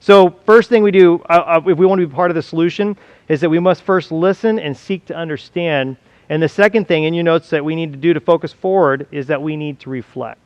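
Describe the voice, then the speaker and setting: A male pastor preaches in a conversational, earnest way and often stumbles and restarts his phrases. His voice sits a bit high for a man. The sound is dry and slightly muffled. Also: brisk, darkish tone, no echo. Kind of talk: sermon.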